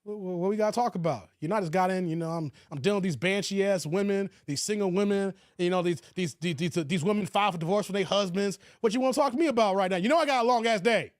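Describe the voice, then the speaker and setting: A man voicing a tired male lawyer back from a long workday, grumbling and dropping his voice low. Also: fast, few pauses, dry recording, clean studio sound, natural voice. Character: weary male lawyer home from work.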